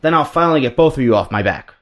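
A man's voice: mid-range voice, animated, racing, fairly bright tone, lightly acted. A man reading a frustrated wrestler. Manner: aggrieved complaining. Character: frustrated young male wrestler.

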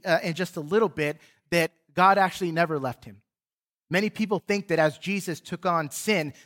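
A man preaching a sermon in a church, reading scripture with earnest, dramatic swells and hushed drops. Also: on the high side. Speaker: pastor. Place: church sanctuary.

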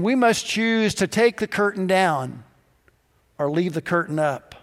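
A pastor delivering a sermon, telling stories and acting out the dialogue in different voices. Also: male voice, high-pitched, animated, measured pace, long reverb tail. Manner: storytelling, acts out dialogue in quoted voices.

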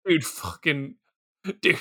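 A man's voice: a little high, slow pace, husky. A man co-hosting a movie review podcast, chatting casually, laughing often and acting out his own reactions. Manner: animated, laughs often, mimics reactions in quotes. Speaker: podcast co-host.

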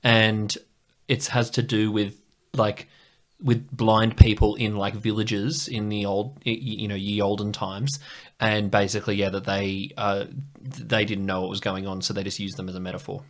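A man co-hosting a podcast in casual chat, rambling and telling animated anecdotes. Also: lowish voice, normal speed. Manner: rambling storyteller, animated when recounting anecdotes. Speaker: podcast co-host.

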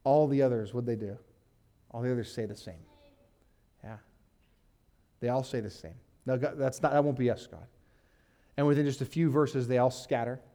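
A man pastor teaching a sermon in a relaxed, conversational way, reading scripture aloud and often saying "like". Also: medium pitch, moderate pace, long pauses. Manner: casual, uses "like" and fillers, reads scripture aloud.

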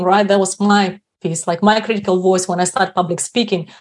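A woman's voice: medium pitch, steady tone, normal speed, a little mellow. A woman guest on a podcast, reflectively explaining a self-help practice and often checking in with 'right?'. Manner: reflective, often adds 'right?' tag questions.

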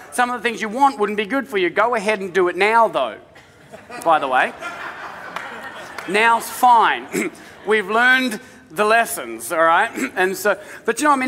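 A man's voice: high voice, bright, forceful tone, long reverb tail. A middle-aged male pastor preaching a conversational sermon, mixing scripture with funny stories about his kids. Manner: conversational preaching with humorous family anecdotes.

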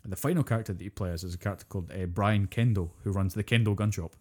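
A man, co-hosting a podcast and retelling a video game's story in casual, animated chat, swearing freely as he goes. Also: on the low side, racing, husky. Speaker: podcast co-host.

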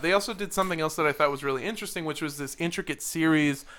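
A man's voice: on the high side, rapid-fire, fairly bright tone. A man co-hosting a podcast, rambling and jokey with a lot of swearing. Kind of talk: casual comedic chat.

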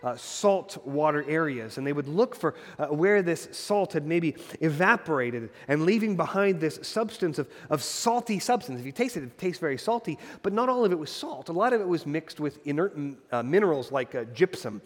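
Man, pastor, sermon, slightly high voice, emphatic repetition, casual asides, reverberant sanctuary. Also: lively intonation, moderate pace, few pauses. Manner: earnest preaching, emphatic repetitions, conversational asides with fillers. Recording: long hall reverb.

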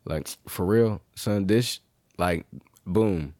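A man hosting a podcast, telling a story in a profane, animated casual rant. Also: deep voice, very slow, no echo, studio quality. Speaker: podcast host.

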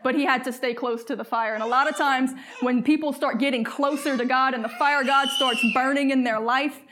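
A woman preaching a fervent sermon in church, slowing down to read scripture and calling on the congregation to answer back. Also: sits high, steady tone, fairly bright tone, a little hiss or hum.

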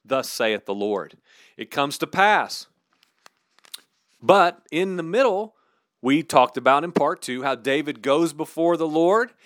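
Earnest preacher, dry close sound. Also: male voice, a little high, a little slow, a bit bright, dry recording. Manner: earnest, conversational, emphatic. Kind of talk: sermon teaching.

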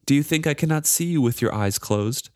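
A man's voice: on the high side, animated, brisk, a little mellow, dry recording, clean studio sound, voice pushed up, natural voice. A man voicing a cruel, mocking wooden charm that taunts a pirate captain, in a raised, sneering voice. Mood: taunting.

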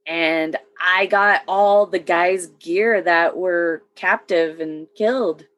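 A woman's voice: on the low side, slow, fairly bright tone. A woman veteran telling a war story matter-of-factly in casual conversation, with short laughs. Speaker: military veteran.

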